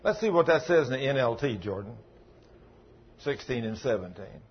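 A man's voice: mid-range voice, animated, moderate pace, dull audio, slight background noise. A man preaching a sermon in a folksy, emphatic way, telling stories and acting out the dialogue. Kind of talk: sermon with storytelling.

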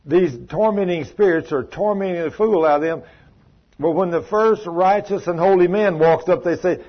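Male preacher, emphatic sermon, raspy tone, muffled recording. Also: high-pitched, moderate pace. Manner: fervent, emphatic, tells stories with acted quotes.

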